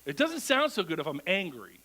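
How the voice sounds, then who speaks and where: A male pastor preaches a conversational sermon in a church, his high voice moving fairly quickly on a low-quality recording. He's animated and keeps checking in with the congregation through rhetorical questions.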